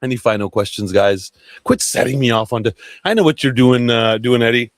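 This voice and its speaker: A man hosts a casual livestream, his medium-pitched voice fairly quick and free of room sound. He's excitable, rambling, and swears a lot as he talks to viewers.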